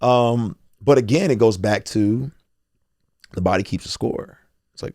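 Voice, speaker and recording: Warm and on the lower side, his voice moves at a measured pace with long pauses, captured in clean studio quality without room sound. As a rapper being interviewed on a podcast, he opens up earnestly and emotionally, quoting his own thoughts, repeating words, and restarting his phrasing.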